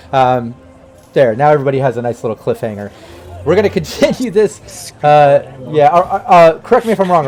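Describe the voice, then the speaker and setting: A man's voice: on the high side, a little mellow, a little hiss or hum. A man hosting a tabletop game stream as game master, narrating a scene and signing off in a loose, casual way. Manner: casual, profane, with fillers.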